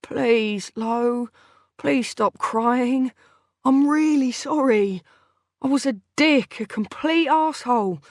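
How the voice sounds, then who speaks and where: A woman reading the part of a remorseful, drunk man with a croaky voice, in an audiobook. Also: fairly high pitch, takes it slowly, dry recording, clean studio sound, voice pushed up. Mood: pleading. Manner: pleading, apologetic. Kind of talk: audiobook character voice.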